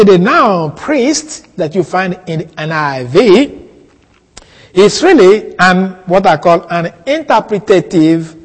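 Man, Bible teacher, sermon, deliberate, repeats key words, husky, fairly high voice. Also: long reverb tail, low-quality recording. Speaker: preacher.

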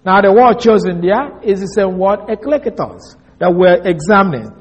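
A man preaching an expository sermon, reading scripture slowly and stressing key words. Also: high-pitched, expressive, breathy edge, lo-fi sound.

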